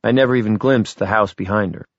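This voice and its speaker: Low-voiced man narrating an audiobook. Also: quick pace, dry recording. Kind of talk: scripted narration. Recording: slightly dull, lo-fi recording.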